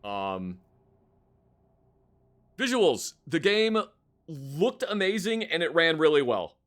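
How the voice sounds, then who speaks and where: A man's voice: fairly high pitch, big pitch swings, takes it slowly, fairly bright tone. A man streaming live, rambling casually about a game he just finished, with lots of fillers and the odd curse.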